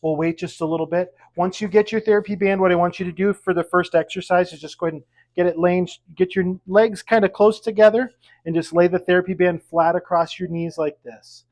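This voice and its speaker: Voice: medium pitch, steady tone, fairly quick, a little mellow. Upbeat instructor counting seated exercise reps. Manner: counts reps aloud, upbeat coaching with light jokes. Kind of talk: leading a seated exercise class. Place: at home with pets around.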